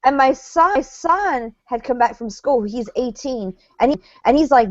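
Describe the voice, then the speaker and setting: A woman in her forties co-hosting a recap show, telling stories in a brash, profane, animated way. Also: high-pitched, moderate pace, few pauses, no echo. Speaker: co-host of a reality TV recap show. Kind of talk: casual chat. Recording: dull, lo-fi sound.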